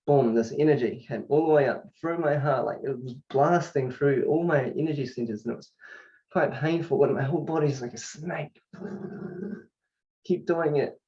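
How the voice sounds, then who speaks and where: A man's voice: mid-range voice, normal speed, mellow. A man telling his personal spiritual story to camera, fervent and rambling, with restarts and bursts of laughter. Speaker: channel host sharing his story. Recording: distant mic, dull lo-fi sound.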